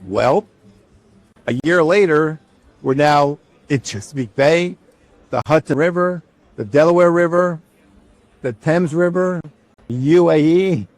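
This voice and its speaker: A man speaking casually, in a voice a little higher than most men's, as he recounts a personal story. He acts out the conversation, voicing each side and often restarting his sentences. The recording is dry and close, with no room sound. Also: slow, long pauses, dry recording. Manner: animated, acts out both sides of a dialogue, restarts often. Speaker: company founder telling his story.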